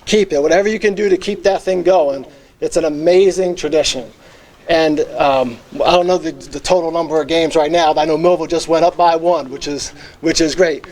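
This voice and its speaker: A man's voice: a little high, steady tone, fairly quick, darkish tone. A middle-aged man gives an earnest acceptance speech as a former teacher and coach, reminiscing with many fillers. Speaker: hall of fame inductee, former teacher and football coach.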